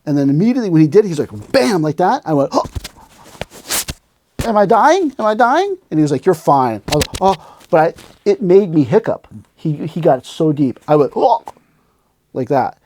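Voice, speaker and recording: A man's voice: fairly high pitch, lively intonation, brisk, dark tone, slight background noise. A man hosting a podcast, telling stories in casual chat and acting out scenes with sound effects and quoted voices. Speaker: podcast host.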